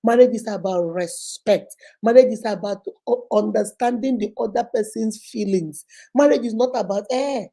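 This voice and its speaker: A woman's voice: medium pitch, normal speed, dark tone. A Nigerian woman hosting a show, giving marriage advice in a sarcastic, preachy way and acting out quotes. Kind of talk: animated advice talk to camera.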